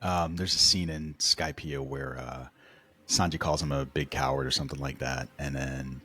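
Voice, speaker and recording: A man with a very low, husky voice chats casually on a podcast. He sounds excitable and jokey, and he often breaks off and restarts his sentences. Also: moderate pace. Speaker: podcast co-host. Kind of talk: casual chat.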